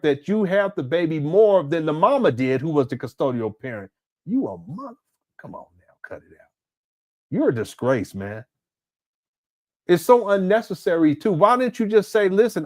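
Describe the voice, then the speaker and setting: Lively, indignant man reacting to a clip. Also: high voice. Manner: incredulous, indignant, laughs often. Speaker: commentary channel host. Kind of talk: reaction commentary.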